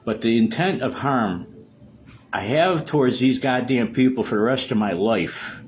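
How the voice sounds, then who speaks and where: A man's voice: mid-range voice, expressive, a little slow, slight background noise. A distraught man in a solo monologue, ranting in an agitated way with heavy swearing.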